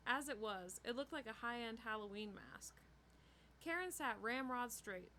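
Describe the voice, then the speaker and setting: A woman reading a novel chapter aloud in a steady storytelling way. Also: mid-range voice, slight background noise. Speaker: book reader.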